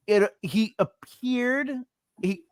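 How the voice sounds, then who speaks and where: A woman's voice: medium pitch, clear, resonant tone, no room sound, pitched above the performer's own voice. A man voicing a cautious woman who hedges and stumbles nervously over each word. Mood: nervous hedging. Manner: halting, hedging, slow.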